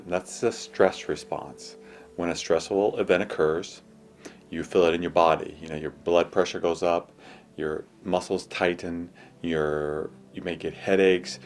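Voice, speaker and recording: A middle-aged man hosting an advice show, speaking in a calm, soothing way and guiding listeners through slow breathing. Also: low-pitched. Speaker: host.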